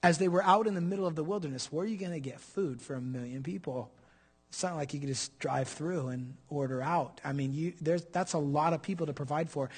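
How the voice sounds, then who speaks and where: A man's voice: a little high, fairly quick, breathy edge. A middle-aged man preaching a sermon as pastor, explaining scripture and building to emphatic peaks.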